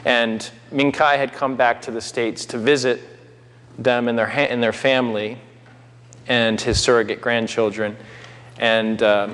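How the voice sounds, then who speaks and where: Man, preacher, sermon, mid-pitched voice, long church reverb. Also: little pitch movement, unhurried, fairly bright tone, smooth. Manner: conversational, with asides to the congregation. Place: church sanctuary.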